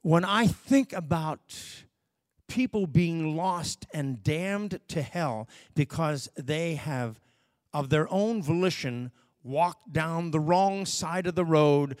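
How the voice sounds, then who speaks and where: A man preacher telling a personal story as a sermon testimony, in a folksy manner that swings from hushed to loud. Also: fairly high pitch, expressive, slow pace, no room sound, clean studio sound. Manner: folksy, with fillers and self-corrections.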